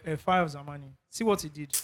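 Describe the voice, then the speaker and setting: A man's voice: a little high, rapid-fire. A Nigerian man co-hosting a casual podcast chat, telling stories with animation and slipping into pidgin and swearing. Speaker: podcast co-host.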